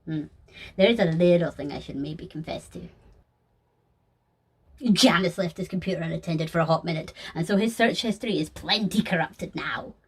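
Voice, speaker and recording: A woman voicing a chaotic, gleeful young man who talks loudly in excitable bursts in a fan audio sketch. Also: fairly low pitch, breathy edge. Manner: loud, excitable, rapid bursts.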